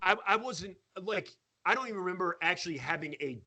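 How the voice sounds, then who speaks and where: A podcast guest tells a long story in casual conversation, his high-pitched voice moving fairly quickly over a crowd in the background. He's animated, acting out what people said and laughing as he goes.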